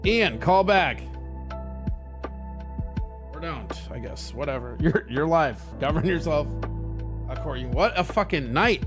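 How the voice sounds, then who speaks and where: A man's voice: fairly high pitch, lively intonation, a little slow, pauses often, over music. A man hosting a live call-in show, laughing often and swearing in a loose, rambling way. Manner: giggly, profane, rambling.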